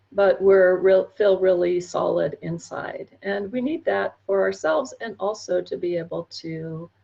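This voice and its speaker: A woman speaks slowly and gently in a gravelly voice, reflective as she leads an online workshop. The sound is dull and lo-fi, as from a video call. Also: mid-range voice. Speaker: therapy trainer.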